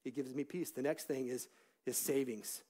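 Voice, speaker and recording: A middle-aged man preaching a church sermon, telling personal stories in an animated way that rises into shouts of praise. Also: medium pitch, moderate pace, husky. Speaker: pastor. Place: church sanctuary.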